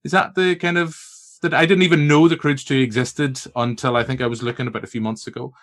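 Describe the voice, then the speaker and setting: A man's voice: medium pitch, fast. A Northern Irish man hosting a film podcast, chatting casually and bantering playfully with his guests. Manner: animated, playful, stubborn banter. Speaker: podcast host. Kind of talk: casual chat.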